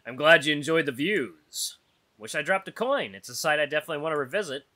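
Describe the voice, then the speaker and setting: A man's voice: fairly high pitch, expressive, fast, bright, forceful tone. A man voicing a solemn young wolf heir. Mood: flustered. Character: stern young male wolf heir, serious. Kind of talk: voiced visual novel reading.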